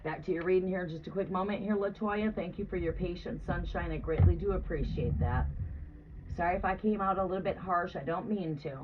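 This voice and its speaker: A woman with a fairly low-pitched voice talks fairly quickly as she gives a casual tarot reading live from home, chatting to viewers while moving around. Her audio comes across as distant and phone-like, with faint background noise.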